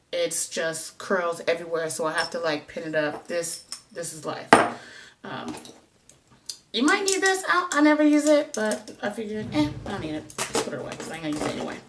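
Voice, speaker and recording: A woman chatting casually through a hair how-to, rambling and joking at herself as she goes. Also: lowish voice. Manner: chatty, rambling, self-mocking. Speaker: hair vlogger. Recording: voice a bit distant from the mic.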